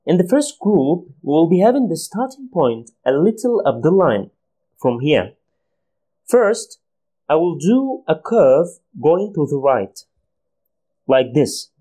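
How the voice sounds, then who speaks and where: A man's voice: on the high side, very animated, slow, warm tone. A man teaching letters and their sounds, patiently repeating each sound for learners. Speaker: Arabic language teacher. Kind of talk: slow, deliberate pronunciation lesson.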